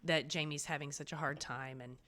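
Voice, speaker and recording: A woman's voice: low voice, steady tone, brisk, pushed and bright. Blunt, swearing woman on a podcast. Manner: blunt, swears freely, enthusiastic. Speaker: podcast co-host. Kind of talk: casual chat.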